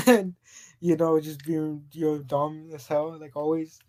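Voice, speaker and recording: A man with a slightly high voice speaks slowly and steadily while co-hosting a podcast. In casual chat, he tells a rambling story, stumbling over restarts and laughing often.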